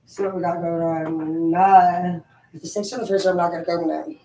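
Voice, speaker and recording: A woman's voice: lowish voice, moderate pace, a little hiss or hum. Woman ranting about her in-laws, lots of swearing, sounds far off from the mic in an echoey room. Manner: animated, profane storytelling. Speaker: vlogger. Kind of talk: casual rambling chat while cleaning.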